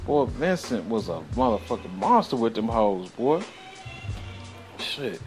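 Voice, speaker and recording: Soft music plays behind a show host whose mid-range voice is sing-song and slightly mellow. In a loose, profane storytelling monologue, he rambles through a personal tale, heavy on slang and curses, with drawn-out sighs between thoughts.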